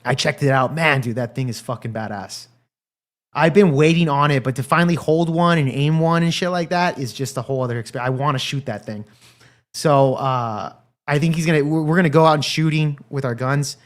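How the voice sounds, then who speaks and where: A man's voice: fairly high pitch, brisk. A man hosting a livestream, chatting casually in a crude, profane, rambling way and talking straight to his live chat. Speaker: livestream commentary host.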